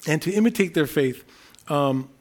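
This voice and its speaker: A man preaching a sermon in an earnest, unscripted way, often restarting phrases and repeating key words slowly for emphasis. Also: fairly high pitch, lively intonation, darkish tone. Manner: earnest, thinking aloud with frequent restarts. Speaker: pastor.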